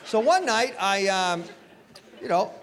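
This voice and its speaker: Guy doing standup, high lively voice, self-mocking stories, echoey hall with faint hiss. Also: takes it slowly, crowd noise. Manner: animated, self-mocking storytelling. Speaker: stand-up comedian. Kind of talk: stand-up comedy set. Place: live comedy venue. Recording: live stage with hall reverb, faint noise.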